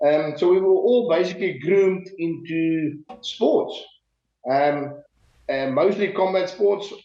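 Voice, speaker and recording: A man's voice: fairly high pitch, slow pace, warm tone. Blunt South African man on an echoey call. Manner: blunt, joking. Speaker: guest, slap fighter. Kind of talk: casual interview. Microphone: video call. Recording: echoey dull video call audio.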